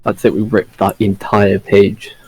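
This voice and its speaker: Gravelly-voiced man player. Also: on the low side, little pitch movement, a little slow, darkish tone, rough recording. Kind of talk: casual tabletop game play.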